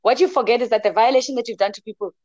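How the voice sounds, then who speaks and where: A woman's voice: on the high side, very fast, a little mellow, no room sound, highs cut off. A woman talking passionately and emphatically in a casual discussion, speaking as an advocate for emotional health. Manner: passionate and emphatic, mixes in local words.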